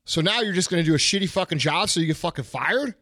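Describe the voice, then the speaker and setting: A man's voice: sits high, expressive, quick pace, bright, forceful tone, no room sound, studio quality. A middle-aged man hosting a podcast, ranting bluntly and profanely in casual chat. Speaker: podcast host.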